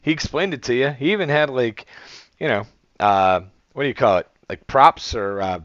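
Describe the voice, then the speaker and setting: A man's voice: mid-range voice, animated, moderate pace, fairly bright tone, no room sound, muffled recording. A man from the United States hosting a reaction video, chatting casually and amused, with rambling fillers. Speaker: reaction channel host.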